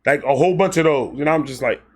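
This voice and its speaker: Animated Brooklyn man telling a story. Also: a little high, fast talker. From Brooklyn, New York. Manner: animated, profane, quotes people with voice shifts. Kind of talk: casual storytelling.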